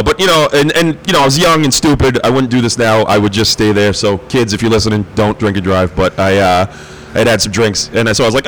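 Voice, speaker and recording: A man's voice: on the low side, fairly even intonation, fast talker, few pauses, a bit bright, poor audio. Laid-back storytelling man, swearing freely. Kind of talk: casual storytelling chat. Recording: faint background noise.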